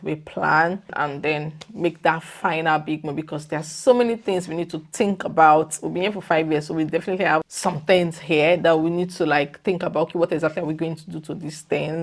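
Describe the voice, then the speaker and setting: A young woman vlogging casually to her viewers, animated and exclamatory, her voice leaping up when she makes a point. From lives in the UK. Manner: animated and exclamatory, leaps up in pitch when emphatic. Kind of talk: casual vlog chat.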